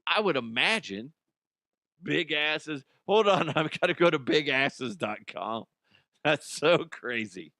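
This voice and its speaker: A man's voice: a little high, expressive, slow, bright, forceful tone, no echo, clean studio sound. A man hosting a comedic news segment, rambling, swearing and laughing at his own jokes. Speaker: host.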